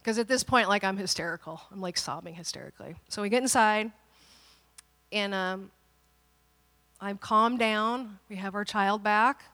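A woman pastor in her thirties telling a family story during a sermon, animated and dramatic, with playful asides. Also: medium pitch, moderate pace, long reverb tail.

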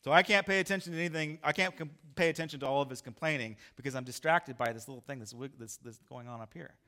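A male pastor telling a story in a sermon, animated and acting out his own lines loudly. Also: medium pitch, fast.

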